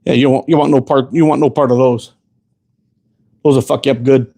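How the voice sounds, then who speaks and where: A man's voice: mid-range voice, fairly even intonation, fairly quick, creaky, dark tone. A man hosting a casual show, telling rambling stories full of profanity, often laughing. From Canada. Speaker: host. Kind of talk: casual storytelling chat.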